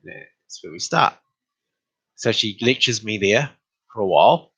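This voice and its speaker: A man's voice: measured pace, husky, dry recording. A man telling a story about an argument in a casual, exasperated way. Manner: animated, exasperated retelling with rising pitch.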